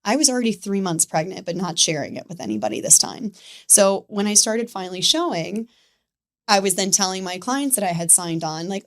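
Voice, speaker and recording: Woman in her thirties, podcast guest, candid, animated storyteller, casual chat. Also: medium pitch, a little fast. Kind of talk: casual conversation.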